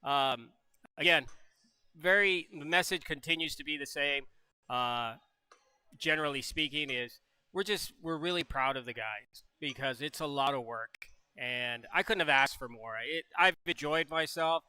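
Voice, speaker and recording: Older head coach, bright halting talk. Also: male voice, a little high, clear, resonant tone. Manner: folksy, halting, restarts often. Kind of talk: postgame interview.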